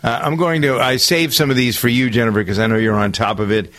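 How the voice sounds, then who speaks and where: A man's voice: medium pitch, fairly even intonation, fast talker, fairly bright tone. A man hosting a talk radio show, counting down the week's stories in a loose, meandering way full of filler uhs. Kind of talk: casual radio chat.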